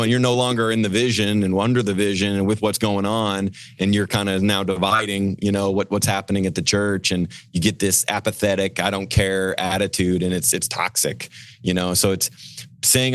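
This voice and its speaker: A man's voice: low voice, fairly even intonation, normal speed, no room sound. A middle-aged man, an executive pastor, speaking earnestly as a guest on a podcast, often restarting his phrases and acting out quoted voices. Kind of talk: podcast interview.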